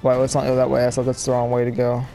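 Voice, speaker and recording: A young man rambling excitedly to viewers as he plays a game, recorded at home with game music behind him. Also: medium pitch, very fast, creaky. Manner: excitable, rambling, talks to viewers while playing. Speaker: gaming YouTuber. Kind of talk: casual let's-play commentary. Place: home room, people audible outside.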